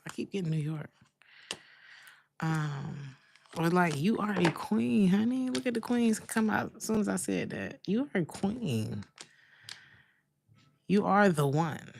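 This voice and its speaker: A woman's voice: low-pitched, a little hiss or hum. A woman giving a casual tarot reading, chatting with her viewers in loose, slangy speech and laughing often. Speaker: tarot reader.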